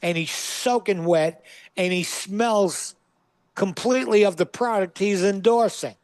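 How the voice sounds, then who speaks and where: A man's voice: high-pitched, unhurried, no echo. Man telling a punchy comic story. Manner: punchy comic delivery with acted-out quotes. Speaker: guest comedian. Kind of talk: animated storytelling. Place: studio.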